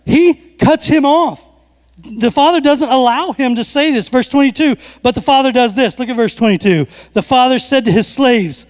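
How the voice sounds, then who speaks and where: A man preaching a sermon in a very high voice, his words trailing off into the long reverb of a large hall. He tells the story with lively swings between quiet, drawn-out passages and sudden loud, emphatic bursts, drawing the congregation in. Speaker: pastor.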